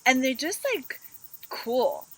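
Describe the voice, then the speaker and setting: A woman co-hosting a podcast from a camper van, telling stories in a lively way and acting out her own complaints. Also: sits high, slow, slightly rough, no room sound, low-quality recording. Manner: animated storytelling, acts out her own complaints. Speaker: podcast co-host. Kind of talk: casual chat.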